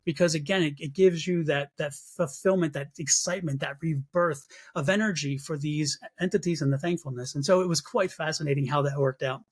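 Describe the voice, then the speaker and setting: A man's voice: fairly high pitch, a little fast, hardly any pauses, husky. A man who works as a psychic medium, telling a story as an interview guest, acting out his own reactions and often repeating words as he restarts. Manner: animated, acts out his own past reactions in a raised voice.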